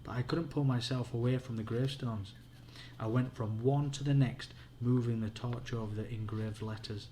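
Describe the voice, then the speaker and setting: A father with a Yorkshire accent reads a spooky children's book aloud at bedtime. His voice sits at an ordinary middle pitch, and the reading is plain and unpolished. A faint hiss sits behind him. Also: steady tone, moderate pace, mellow.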